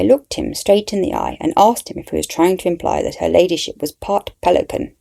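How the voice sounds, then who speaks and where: A woman's voice: lowish voice, a little fast, gravelly, hardly any pauses, warm tone. A woman narrating a story in the first person with a wry, dry manner.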